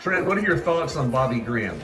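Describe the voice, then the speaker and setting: A man's voice: mid-range voice, big pitch swings, a little fast, over music. A man hosting an interview, prompting his guests in a conversational way. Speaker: host. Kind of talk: casual interview. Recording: echoey room.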